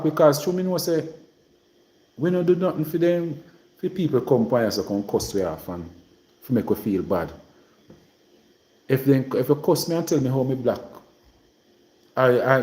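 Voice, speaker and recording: In a reverberant space, a man from Jamaica with a medium-pitched, somewhat mellow voice hosts a livestream. He rambles casually to viewers in a Trelawny patois accent, sliding back and forth between patois and English.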